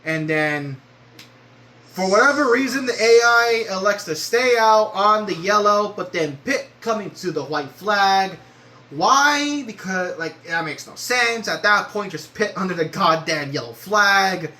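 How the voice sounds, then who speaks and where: A young man giving gameplay commentary on a racing game, excitable, swearing and yelling at the game. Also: high voice, measured pace, low-quality recording.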